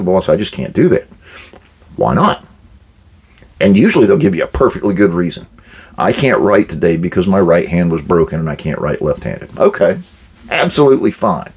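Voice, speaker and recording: A man's voice: lowish voice, a little mellow, breathy edge. An older man hosting a management advice talk, blunt and direct, acting out quoted exchanges with workers. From United States. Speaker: podcast host giving management advice.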